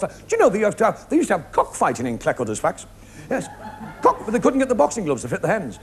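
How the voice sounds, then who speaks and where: A man's voice: sits high, wildly swooping pitch, slight background noise. A man with a Liverpool accent performing a stand-up comedy routine, firing off gags and laughing between them. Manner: quick gag delivery with laughs. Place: TV studio with live audience.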